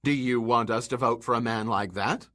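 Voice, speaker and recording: A man's voice: medium pitch, fairly even intonation, normal speed, a bit bright, close to an everyday voice. A man reading aloud and voicing a prim, prying middle-aged housewife.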